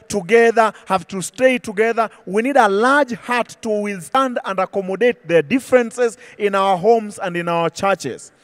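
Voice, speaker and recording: A male pastor preaching an impassioned sermon, slowing and dropping his voice when he quotes scripture. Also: high voice, no room sound, studio quality. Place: church.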